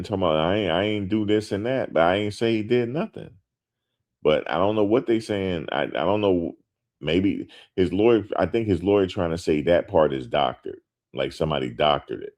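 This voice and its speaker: A man's voice: deep voice, animated, moderate pace, darkish tone. A man hosting a show, talking casually and emphatically to his viewers, repeating his points with lots of slang. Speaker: host.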